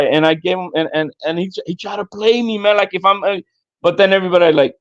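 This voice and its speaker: A man's voice: high-pitched, fast talker, dry recording, muffled recording. A man talking boxing on a casual podcast, stammering and repeating words, with some swearing.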